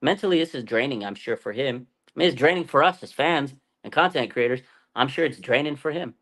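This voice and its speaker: A man's voice: mid-range voice, lively intonation, a little fast, a bit bright. Rambling man talking football. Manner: rambling, conversational, frequent fillers and restarts. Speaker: fan channel host. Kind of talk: casual sports talk livestream.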